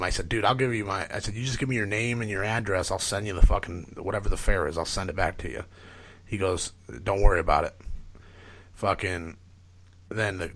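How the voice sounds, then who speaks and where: Man, lowish voice, podcast guest, casual storytelling, swears a lot, rambling. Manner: profane, rambling, animated retelling with filler words.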